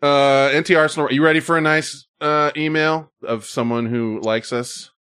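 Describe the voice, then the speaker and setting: A man's voice: fairly high pitch, steady tone, normal speed, a bit bright, clear, resonant tone. A man hosting a casual podcast, joking with co-hosts and reading listener emails aloud. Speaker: podcast host.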